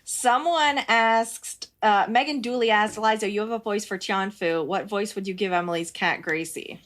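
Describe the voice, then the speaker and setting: A woman co-hosting a live podcast, relaxed and supportive, reading out listener questions. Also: medium pitch, moderate pace. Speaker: co-host.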